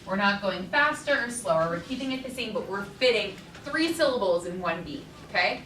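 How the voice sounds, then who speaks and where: A woman's voice: medium pitch, fairly quick, recorded from a distance, a little hiss or hum. Lady teacher chanting beats to a class, echoey room, mic way off. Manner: energetic, rhythmic chanting of beats. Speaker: teaching artist. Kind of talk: classroom lesson. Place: school classroom.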